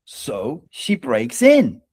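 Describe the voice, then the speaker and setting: A man's voice: medium pitch, huge pitch swings, extremely slow, a little mellow, husky, no room sound. A man guest telling a personal story in casual conversation, often tagging sentences with "right?" and laughing between lines. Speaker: author guest.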